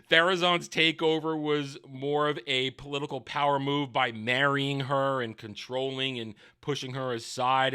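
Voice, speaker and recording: A man giving a sarcastic, rambling review of a show, swinging between loud outbursts and mumbled asides. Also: mid-range voice, clear, resonant tone. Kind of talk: casual ranting review.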